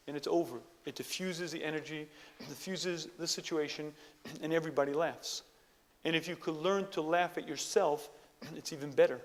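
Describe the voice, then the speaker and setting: A man giving a motivational Torah lecture, emphatic, repeating phrases and often clearing his throat. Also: fairly high pitch, in a large hall.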